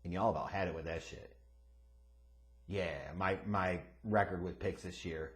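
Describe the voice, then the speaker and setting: A man hosting his own sports picks show, casual and profane, dropping to quiet mutters and then bursting into loud, unhinged rants. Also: deep voice, moderate pace. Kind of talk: casual sports betting commentary.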